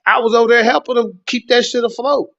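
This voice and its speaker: A man organizing a tournament pleads and coaxes on a livestream panel. His voice runs fairly high. The audio comes through dull and lo-fi. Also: steady tone, fast talker, vocal fry, fairly bright tone. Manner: coaxing, pleading, talking over others. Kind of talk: persuasive livestream chat.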